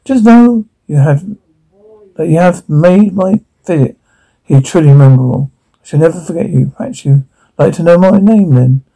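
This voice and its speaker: A man voicing a swaggering male frontier showman with quick, theatrical patter. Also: fairly high pitch, expressive, gravelly, mellow, slightly rough, heavily acted, poor audio. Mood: smooth.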